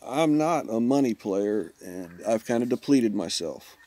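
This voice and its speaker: A man's voice: fairly low pitch, expressive, a little slow, mellow, dry recording. A man, chatting casually with viewers while streaming a mobile game. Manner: laid-back, chatty, self-teasing. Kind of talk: casual live-stream chat.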